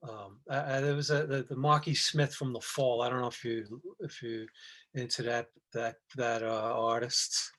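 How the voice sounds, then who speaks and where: A middle-aged man in loose, rambling conversation, circling his point through stops, restarts and plenty of fillers. His voice sits at an ordinary pitch for a man, neither high nor low. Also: little pitch movement, normal speed, fairly bright tone. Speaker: guest actor. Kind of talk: casual chat.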